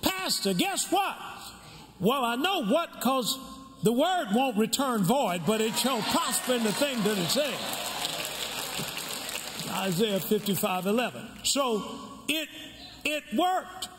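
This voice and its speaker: High-voiced older preacher, call and response. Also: male voice, animated, slow, pauses often. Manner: call-and-response preaching, asks the crowd to finish lines; swings from shouts to low storytelling asides. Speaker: pastor. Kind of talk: sermon. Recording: reverberant hall, faint room noise.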